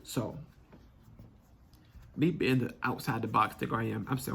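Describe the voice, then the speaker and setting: A young man telling a personal story candidly, halting and restarting often. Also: mid-range voice, vocal fry, a bit bright, slightly rough. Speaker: vlog host.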